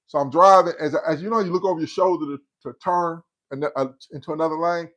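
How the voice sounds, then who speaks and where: A man in his fifties runs a livestream, telling a story casually and animatedly imitating the voices of the people in it. His voice is on the high side, and he talks fast with few pauses.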